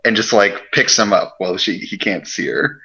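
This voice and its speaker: A man playing a tabletop game, chatting in a relaxed, drawling way. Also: on the low side, normal speed, gravelly. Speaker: player. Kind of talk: casual tabletop game chat. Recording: dull lo-fi audio.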